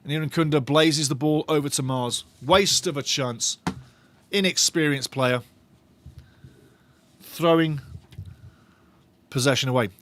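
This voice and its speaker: A man giving excited live match commentary as a fan on a watch-along stream, animated, repeating his phrases and laughing often. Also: on the high side, measured pace, long pauses, a little hiss or hum.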